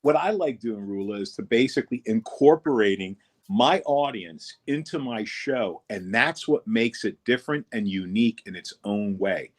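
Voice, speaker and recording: A man's voice: on the low side, lively intonation, moderate pace, hardly any pauses. A man, a comedian guest on a radio show, telling rambling stories in casual chat. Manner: rambling storytelling, acts out voices.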